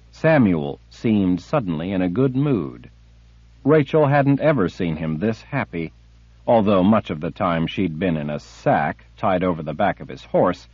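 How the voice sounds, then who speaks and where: A man narrating a fantasy audiobook slowly and expressively. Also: sits low, slightly rough, dry recording, highs cut off. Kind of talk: scripted narration.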